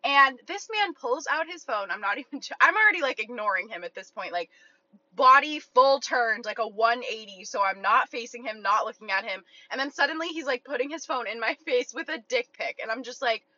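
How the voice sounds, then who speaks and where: A woman's voice: a little high, expressive, a little fast, sharp tone, dry recording. A young woman telling a story in a casual, blunt, profane way, full of fillers. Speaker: online content creator. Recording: dull lo-fi recording.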